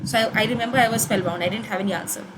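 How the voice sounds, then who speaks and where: A woman's voice: on the high side, very fast, very noisy. A young woman with an Indian English accent, giving an online course tutorial in a conversational way, with many fillers and restarts.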